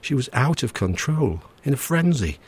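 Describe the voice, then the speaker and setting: A man's voice: medium pitch, very animated, moderate pace, husky, no room sound, pitched above the performer's own voice. A man voicing a nervous middle-aged husband who talks in an anxious, fretful way. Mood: worried.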